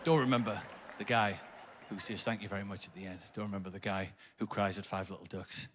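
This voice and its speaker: A man in his thirties with a Geordie accent, performing a stand-up comedy set in a theatre, storytelling with swearing and shouted punchlines. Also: deep voice, fairly quick, background noise. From North East England. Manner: swearing, storytelling, sing-song nursery rhyme bits, rising to shouted punchlines. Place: large theatre stage before a live audience. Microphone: stage microphone.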